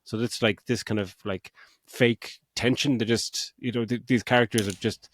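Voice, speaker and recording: A man's voice: mid-range voice, fairly even intonation, moderate pace, husky, no room sound. Man, middle-aged, blunt and sweary, dry close mic. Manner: blunt, sweary, mocking scripts with put-on quotes. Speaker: podcast co-host. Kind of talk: casual film review chat.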